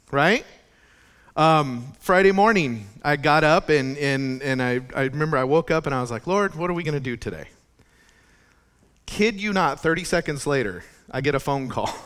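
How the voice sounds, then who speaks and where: Chatty male pastor with a bright voice. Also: on the high side. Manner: conversational, chatty preaching with restarts. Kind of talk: sermon.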